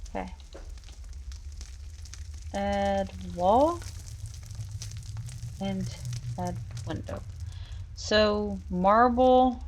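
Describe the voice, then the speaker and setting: A woman's voice: medium pitch, very slow, pauses often, slight background noise. A woman hosting a casual live stream, chatting and laughing while she builds in a virtual world and coos at her cats. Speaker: streamer and show host.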